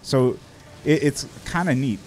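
A man with a Midwestern American accent hosting a casual livestream chat, relaxed and curious, with plenty of fillers. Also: mid-range voice, measured pace, faint music behind. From United States. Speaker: streamer.

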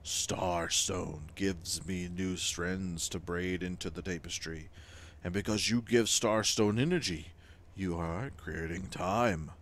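A man voicing an ancient, solemn female weaver of time, reading game dialogue in a slow, hushed, grave way. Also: sits low. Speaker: let's play gamer.

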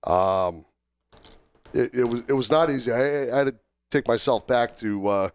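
A podcast co-host, a man with a clean, mid-range voice, talks haltingly on a casual show while under the weather with a cold. He works through a list, using many fillers along the way.

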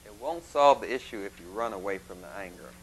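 A man giving a plain, instructive lecture, with folksy images and a halting delivery. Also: lowish voice, expressive, rough recording. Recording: faint mains hum.

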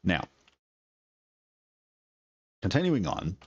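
Low-voiced man thinking aloud over gameplay. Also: huge pitch swings, drawn-out words, husky, dry recording, highs cut off. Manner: enthusiastic, thinks aloud while building. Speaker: gaming video creator. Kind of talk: casual gameplay commentary.

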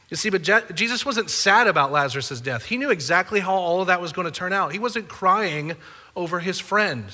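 A man's voice: high-pitched, expressive, brisk, bright, forceful tone, big-room sound. A man preaching a sermon as a pastor, conversational and playful with the congregation. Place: church auditorium.

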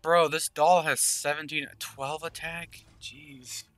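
A man's voice: on the high side, level tone, takes it slowly, fairly bright tone, no echo, faint music behind. A man giving casual gameplay commentary, thinking aloud and murmuring game text as he plays. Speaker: gaming channel host.

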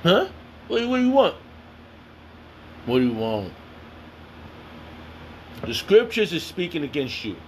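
A man's voice: fairly high pitch, sing-song, unhurried, pauses often, slight background noise. A man reading scripture aloud and commenting on it in a heated, confrontational, slangy way. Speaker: self-styled preacher.

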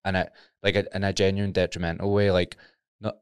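A Scottish podcast host with a very low, smooth, clear voice tells stories in a laid-back, casual way. His voice is recorded dry and close to the mic. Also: level tone, a little fast, no echo.

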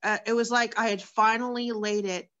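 A woman's voice: a little high, flat delivery, normal speed, a bit bright, muffled recording. Earnest woman sharing a personal testimony. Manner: candid, earnest storytelling with many fillers. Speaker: guest.

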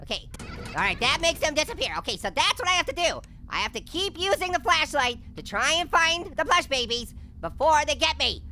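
Squeaky, sharp cartoon orange, very high and bouncy, a punning let's-play host who yelps at scares. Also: male voice, big pitch swings, brisk, slight background noise, full character voice. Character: hyper, wisecracking male talking orange. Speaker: gaming host. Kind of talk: comedic let's-play commentary.

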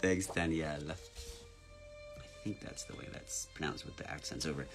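Deep-voiced man chatting on a live stream. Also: moderate pace, over music. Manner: chatty, playful, reads names aloud and spells them out. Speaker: voice actor signing fan orders on stream. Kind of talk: casual live-stream chat.

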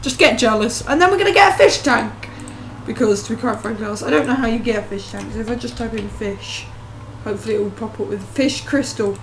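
A woman talks her way through a game, rambling and poking fun at herself with a jokey, offhand manner. Her voice sits a little high, with a faint noise floor behind it. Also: fairly even intonation, brisk. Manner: rambling, self-mocking, jokey. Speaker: let's play host. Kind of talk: gameplay commentary.

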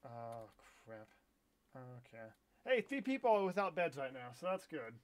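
A man's voice: medium pitch, sing-song, moderate pace. A young man streaming a live game with viewers, chatting, swearing and bursting into frustrated outbursts. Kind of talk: live gameplay stream commentary.

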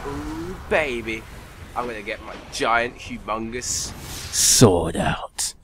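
A teenage boy commentating his own gameplay in a goofy, trash-talking way, sniffly from a cold, swinging from mumbled asides to excited yells. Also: medium pitch, measured pace. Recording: noisy home recording.

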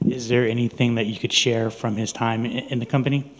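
A hesitant male reporter gropes for words as he builds his questions. His voice sits at a middle pitch and rings with a long reverb in a large hall. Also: little pitch movement, a little fast. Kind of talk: press conference questions. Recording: long reverb in a big room.

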